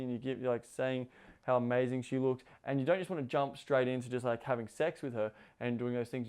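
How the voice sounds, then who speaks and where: A man with a mid-range voice that is dark yet clean in tone speaks as an intimacy coach, giving casual instruction. He rambles and leans heavily on "like" as a filler.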